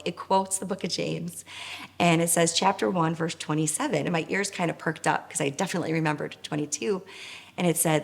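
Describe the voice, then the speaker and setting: A middle-aged woman tells her personal story in an earnest, emotional way, stopping often on fillers. Her voice sits very low and has a gravelly fry. She speaks as one of a nonprofit's founders.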